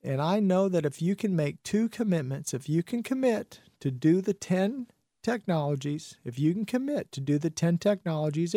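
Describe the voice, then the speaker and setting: A man with a high-pitched, mellow voice hosts a radio talk show, where he preaches with repetitive, fervent motivational conviction and keeps repeating phrases for emphasis. He's on a studio microphone in a radio studio, and the audio is studio quality with no room sound.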